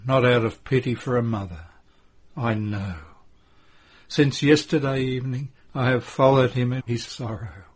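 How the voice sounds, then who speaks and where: A man voicing a grieving mother who pleads breathlessly and rises into high cries during a devotional story reading. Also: breathy edge. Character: grieving old mother, gentle but anguished.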